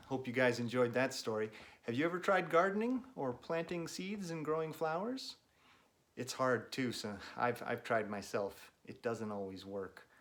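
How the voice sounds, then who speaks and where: A man reading a picture book aloud to children, with gentle chatty asides to young listeners. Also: medium pitch. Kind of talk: read-aloud storytime for kids.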